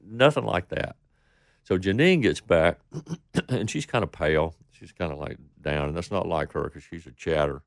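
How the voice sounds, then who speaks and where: A man's voice: low-pitched, moderate pace, creaky, no echo, studio quality. A man from Texas, a country singer, telling rambling stories in an interview, acting out what people said. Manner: rambling anecdotes with quoted voices. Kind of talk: storytelling interview.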